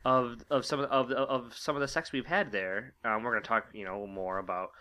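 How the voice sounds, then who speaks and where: Halting, bright-voiced man chatting. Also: medium pitch, fairly even intonation. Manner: halting, full of restarts and fillers. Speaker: podcast co-host. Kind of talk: casual chat.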